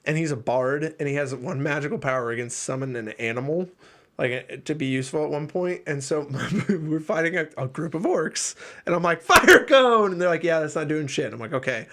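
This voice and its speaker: A young man hosting a podcast, telling a rambling, animated game story with frequent laughs and swearing. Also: on the high side, brisk. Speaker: podcast host. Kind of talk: casual storytelling chat.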